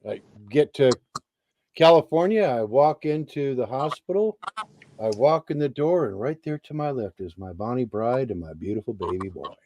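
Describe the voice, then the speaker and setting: Middle-aged guy spinning an old army story, lively, drops curse words, acts out what people said. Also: medium pitch, moderate pace, muffled recording, a little hiss or hum. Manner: animated storyteller who acts out dialogue and swears freely. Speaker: interviewee, author and Army veteran. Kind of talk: casual storytelling in an interview.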